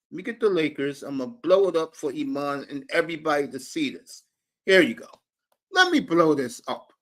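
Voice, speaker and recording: A man's voice: on the high side, big pitch swings, brisk, fairly bright tone. A man hosting a live sports talk stream, brash and profane, calling out chat viewers by name. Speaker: sports talk show host.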